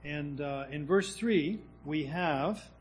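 A man's voice: fairly high pitch, slow pace, a little hiss or hum, poor audio. Preacher man teaching from the Bible. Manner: conversational Bible teaching with rhetorical questions and restarts. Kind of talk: sermon.

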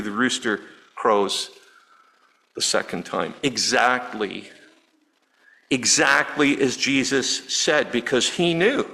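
A man's voice: mid-range voice, bright, forceful tone, low-quality recording. A man preaching a sermon in a conversational way, often asking his listeners questions. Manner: conversational, asks the audience questions, many restarts. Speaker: pastor.

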